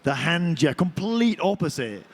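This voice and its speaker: A male actor talking on a convention panel, an animated, chatty storyteller. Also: fairly high pitch, normal speed. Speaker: voice and motion capture actor.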